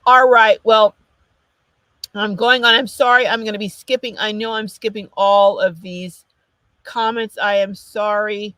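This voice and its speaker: A woman's voice: mid-range voice, fairly even intonation, unhurried, bright, forceful tone, no echo. A woman hosting a casual livestream, reading out viewer comments in a chatty, apologetic way with a runny nose. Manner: chatty and apologetic, with frequent restarts. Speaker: livestream host.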